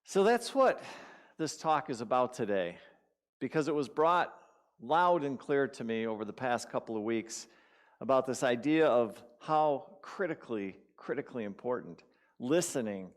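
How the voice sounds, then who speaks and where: A man giving a conversational sermon at a spiritual community, telling personal stories in a casual way and repeating words for emphasis. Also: medium pitch.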